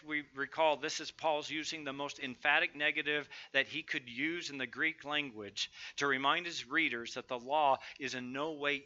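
A man's voice: mid-range voice, bright, forceful tone, lo-fi sound. A middle-aged man preaching a sermon, emphatic and building lists of strong words. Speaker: pastor.

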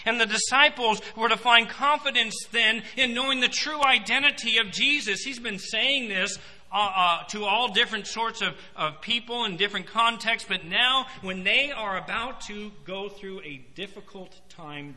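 A man preaching a sermon, emphatic, swinging between loud proclamations and quiet asides. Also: high-pitched, normal speed. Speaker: pastor. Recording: long hall reverb.

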